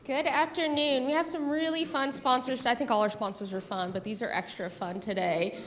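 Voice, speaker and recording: Brief: woman, high and chatty, reading sponsor thanks, roomy with slight noise. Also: fairly even intonation, normal speed, a bit bright. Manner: cheerful, chatty. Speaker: sergeant-at-arms reading sponsors. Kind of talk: meeting announcements. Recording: roomy hall with faint noise.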